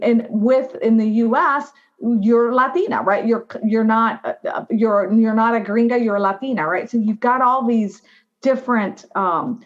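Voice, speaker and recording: Animated woman telling her story. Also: mid-range voice. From United States. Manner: animated, frequent "right?" and "you know". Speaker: guest, diversity officer. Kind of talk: conversational interview storytelling. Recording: slightly dull lo-fi audio.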